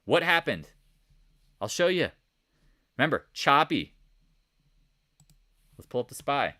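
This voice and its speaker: A man hosting a live stock market chat, coaching viewers with lots of rhetorical questions in an animated, casual way. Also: mid-range voice, takes it slowly. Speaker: trading channel host.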